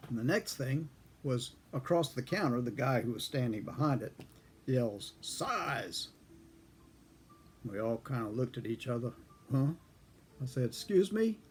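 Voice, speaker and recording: An older man, a former airman, telling a story from his own past in a casual, folksy way, chuckling and clearing his throat now and then. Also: medium pitch, a little fast, slight background noise. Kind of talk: casual spoken memoir storytelling.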